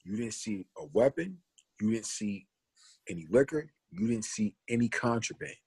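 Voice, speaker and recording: A man's voice: lowish voice, very animated, normal speed, creaky, darkish tone, slightly rough. A man, earnestly telling a story and reflecting on it in a casual podcast talk. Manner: earnest, reflective, builds an argument. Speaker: podcast co-host.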